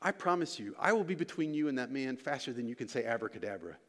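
A man's voice: medium pitch, lively intonation, fast talker. A man preaching a sermon as pastor and church elder, earnest and repeating his key lines for emphasis. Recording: long reverb of a large hall.

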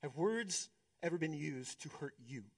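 Male pastor, high voice, sermon delivery, shifts from hushed to emphatic. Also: lively intonation, slightly rough. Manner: preaching with pauses, swinging between hushed and emphatic.

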